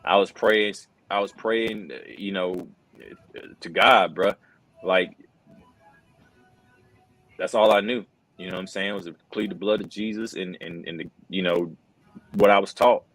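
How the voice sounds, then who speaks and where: Middle-aged male interview guest, very deep voice, earnest and casual, lots of "bro". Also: fairly even intonation, a little slow, long pauses, fairly bright tone, soft background music, low-quality recording. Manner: earnest, says "bro" and "man" a lot, many restarts. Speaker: wrestling commentator, interview guest. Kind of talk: casual conversational storytelling.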